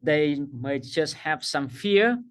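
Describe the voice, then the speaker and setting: With a slightly high, animated, smooth voice, this coaching trainer takes his time. He's a middle-aged man leading a workshop who stresses his points, says his key phrases again and again, and chuckles at himself.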